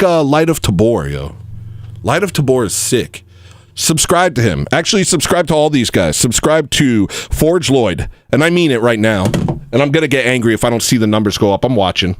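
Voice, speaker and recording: A man hosting a casual livestream, ranting and swinging from low mumbles to loud outbursts. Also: sing-song, moderate pace, no echo. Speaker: livestream host.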